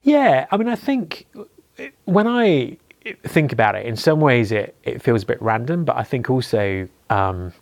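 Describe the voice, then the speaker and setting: A man's voice: medium pitch, very animated, unhurried, gravelly, no room sound. A middle-aged man hosting a podcast, then answering interview questions about his career with hesitant restarts and ums. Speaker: podcast host and interview guest.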